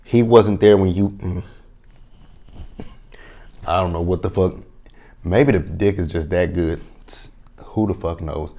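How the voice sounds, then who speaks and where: Deep-voiced male vlogger, blunt and swearing, casual show-recap commentary. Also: slow, long pauses, mellow, dull audio. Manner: blunt, profane, chatty. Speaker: TV reality show reviewer.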